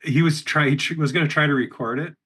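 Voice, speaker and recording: A man co-hosting a podcast, talking in a relaxed, amused way and asking easy questions. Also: fairly high pitch, fast, husky. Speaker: podcast co-host. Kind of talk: casual podcast chat.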